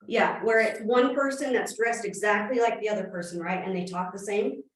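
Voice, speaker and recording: A woman in her thirties giving a lively real estate training talk to a room, asking questions as she goes. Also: mid-range voice. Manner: fast-talking, energetic, asks the room questions. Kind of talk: live training presentation. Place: meeting room with audience. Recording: very echoey room, from a distance.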